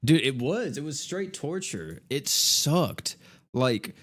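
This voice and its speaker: A man's voice: mid-range voice, sing-song, slow, a bit bright, faint music behind. An American man in his twenties, a game streamer telling a story in casual chat, exasperated, swearing freely and laughing as he goes. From United States. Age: 20s.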